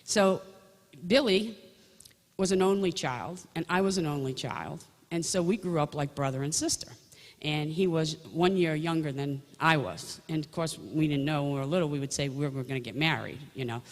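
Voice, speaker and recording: A woman's voice: low voice, moderate pace. A woman sharing a personal faith story in a conversational storytelling way, often restarting her sentences. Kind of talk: personal testimony talk. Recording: long reverb of a large hall.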